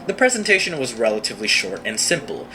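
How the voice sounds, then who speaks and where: A man's voice: mid-range voice, sing-song, fast, sharp tone. A man in his thirties giving wry, self-mocking scripted comic narration of his own story. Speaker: animated storyteller. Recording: noisy played-back video clip.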